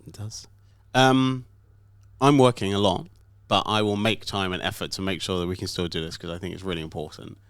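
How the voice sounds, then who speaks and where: Chatty low-voiced British man. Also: steady tone, a little fast, clean tone, no echo, studio quality. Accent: British English. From Britain. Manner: chatty, hesitant with many ums. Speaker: podcast co-host. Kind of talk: casual chat.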